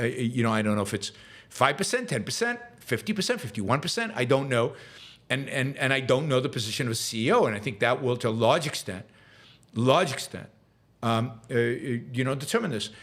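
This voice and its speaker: On his live show, a man with a medium-pitched, fairly bright voice answers viewer questions with opinionated commentary. He turns emphatic and rises into heated rants, and when reflecting he hesitates with fillers and repeated words.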